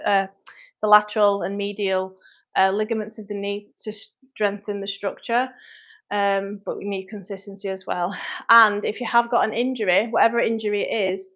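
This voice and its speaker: A woman's voice: mid-range voice, flat delivery, fairly bright tone. A woman, a personal trainer answering viewer questions on a live stream in a frank, chatty way. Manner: frank, chatty, quick asides to commenters. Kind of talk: livestream Q&A, reading viewer comments. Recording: dull lo-fi livestream audio.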